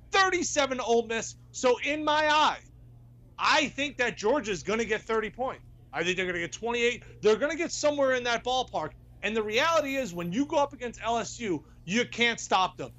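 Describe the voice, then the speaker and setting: A man giving an animated, emphatic pick as a sports betting analyst in a studio debate, repeating points for effect. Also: very high-pitched.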